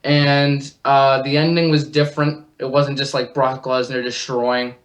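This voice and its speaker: A man's voice: mid-range voice, level tone, a little slow. A man calling in to a live show, easygoing and laughing, with frequent hesitant fillers. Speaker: caller.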